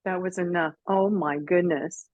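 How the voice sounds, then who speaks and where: A woman's voice: fairly low pitch, fairly even intonation, unhurried, darkish tone. A woman hosting an interview show who reacts to her guest with effusive, emotional exclamations. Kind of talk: casual conversation.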